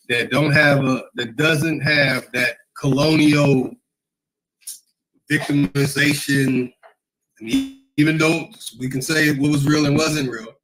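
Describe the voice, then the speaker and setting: A man's voice: fairly high pitch, a bit bright, low-quality recording. A man hosting a casual livestream, talking in a rambling, emphatic way, often repeating himself and reading comments from the chat. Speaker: livestream host.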